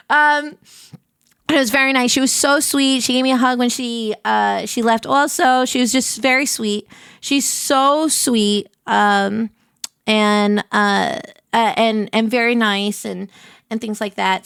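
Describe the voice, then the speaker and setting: A woman's voice: on the high side, clean tone, dry recording, clean studio sound. A woman streamer casually telling a story to her chat, acting out the quotes from it. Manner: animated anecdote telling with acted-out quotes.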